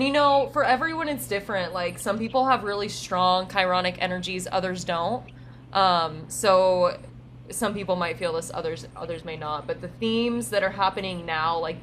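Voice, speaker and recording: A woman's voice: lowish voice, a bit bright, a little hiss or hum. Laughing young woman chatting casually. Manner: laughs often, many fillers. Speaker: podcast co-host. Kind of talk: casual spiritual chat.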